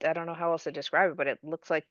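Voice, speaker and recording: A woman's voice: deep voice, level tone, rapid-fire, fairly bright tone, no echo. A woman on a podcast, discussing and explaining things skeptically. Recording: slightly dull lo-fi audio.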